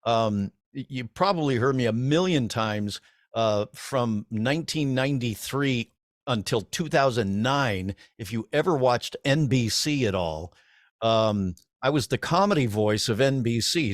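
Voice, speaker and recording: A man's voice: mid-range voice, no room sound, studio quality. A middle-aged man, a voice actor, telling stories as a guest on a video call, with many restarts and laughs. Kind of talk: casual convention interview.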